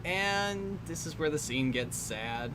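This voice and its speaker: Over a film, a young commentary host speaks slowly and expressively in a voice that sits low. Her remarks are casual and wry, punctuated by laughter and sentences that trail away, with faint noise in the background.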